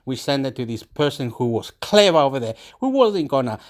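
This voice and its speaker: A man's voice: medium pitch, sing-song, fairly quick. A man telling a rambling family story in a casual way. He repeats himself often and swears now and then.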